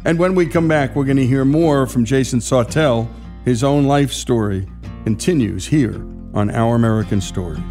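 A man hosting a radio story show and reading a smooth, scripted wrap-up to the break. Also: medium pitch, moderate pace. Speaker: host. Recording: soft guitar music underneath.

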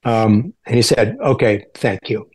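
A man being interviewed as a guest actor, talking in a halting way with many restarts and fillers. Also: fairly low pitch, expressive, a little mellow, husky. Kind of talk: casual interview chat.

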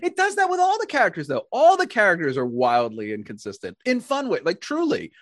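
An American podcast host in casual chat, animated, laughing often and restarting sentences. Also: medium pitch, fairly quick, dry recording, studio quality. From United States.

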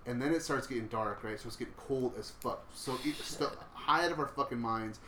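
A man's voice: medium pitch, a little fast, bright, forceful tone. A young man telling a story in laid-back, casual talk, swearing freely as a podcast guest. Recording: roomy with faint noise.

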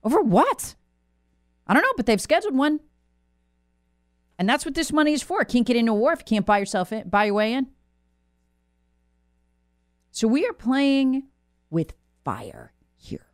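A woman's voice: on the high side, sing-song, normal speed, pauses often, no room sound, studio quality. A woman speaking as a guest commentator, alarmed and insistent, often repeating words for emphasis.

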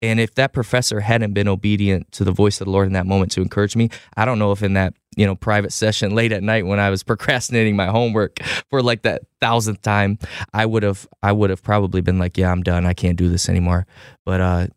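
A man with a lowish, smooth and resonant voice, speaking as a pastor. He moves from reading scripture to earnest personal talk, with small stammers and gentle self-deprecating humor. The sound is close and dry. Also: flat delivery, fast talker, dry recording. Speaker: young adults pastor.

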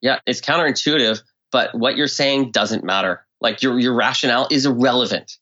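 A man of middle pitch explaining his ideas as a podcast guest, now and then slipping into little acted-out quotes. His voice moves up and down with energy. The sound is a bit dull and lo-fi. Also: brisk. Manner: animated, acts out quoted speech with swings in tone. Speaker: guest expert. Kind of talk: conversational explanation.

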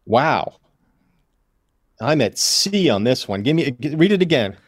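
A man playing along as a comedian guest on a puzzle show, wry and deadpan as he works out the answers aloud. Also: medium pitch, measured pace, no room sound, studio quality. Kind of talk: casual game banter.

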